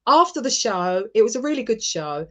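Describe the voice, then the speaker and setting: A woman's voice: a little high, very animated, normal speed, a bit bright. A woman who is a guest in a casual chat, telling stories with giggly enthusiasm.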